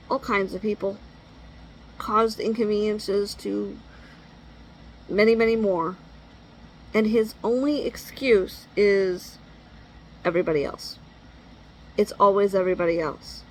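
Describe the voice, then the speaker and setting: A woman's voice: medium pitch, unhurried, long pauses, low-quality recording. A middle-aged woman venting in an exasperated, blunt monologue and swearing freely. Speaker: parent venting.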